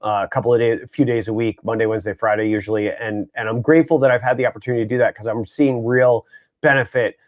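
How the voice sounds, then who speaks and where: Man, co-host, casual group chat, rambling, lots of fillers, mid-pitched voice. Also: steady tone, fast talker. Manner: easygoing, rambling with many fillers.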